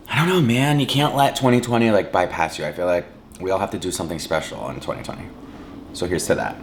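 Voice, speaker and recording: A low-pitched mukbang vlogger eats while talking casually to his audience, with a little background noise behind him. His talk wanders and is full of "like," and he chews and hums between lines.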